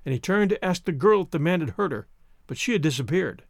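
A man reading an adventure novel aloud as narrator, in a theatrical, expressive way. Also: fairly high pitch, fast, creaky, no echo, clean studio sound. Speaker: audiobook narrator. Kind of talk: scripted narration.

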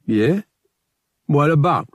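A man voicing a small, sharp-faced male dealer who talks in a wary, nervous, hushed way. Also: a little high, animated, slow pace, no echo, clean studio sound, voice pushed up.

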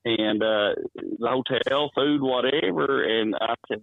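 A man's voice: medium pitch, a little slow, gravelly, no room sound. Rambling man on a phone line. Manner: rambling, chuckling storyteller. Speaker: wrestling promoter. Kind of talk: phone-in interview storytelling. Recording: tinny dry phone line.

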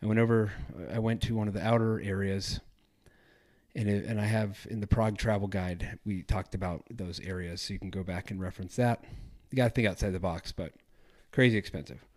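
A man's voice: on the low side, fairly even intonation, a little fast, darkish tone. A man hosting a travel podcast, chatting casually in a rambling, self-correcting way. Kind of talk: casual solo podcast talk.

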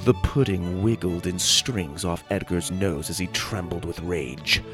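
A man narrating a children's story in an animated, expressive way. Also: deep voice, measured pace, over music.

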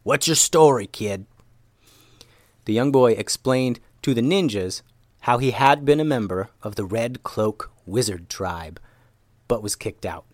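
A man narrating a children's story in an expressive, animated reading. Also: medium pitch, a little slow, no echo.

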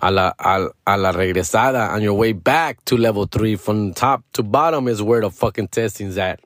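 A man's voice: on the low side, normal speed, dry recording, clean studio sound. Profane, slangy Chicano-accented man. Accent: Chicano English with Spanish mixed in. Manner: profane, slangy, animated storytelling. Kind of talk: casual storytime rant.

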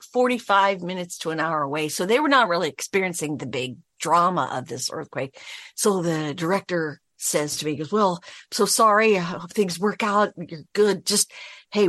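A woman's voice: lowish voice, fairly bright tone, dry recording, studio quality. A middle-aged woman, a voice actress, telling an anecdote in an interview, acting out the lines she quotes. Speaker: voice actress, guest. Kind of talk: storytelling interview.

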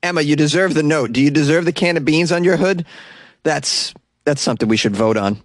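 A man's voice: fairly high pitch, brisk, dry recording, clean studio sound. A man hosting a podcast, riffing on odd news stories in a wisecracking way and chuckling often. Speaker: podcast host. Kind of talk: comedic news commentary.

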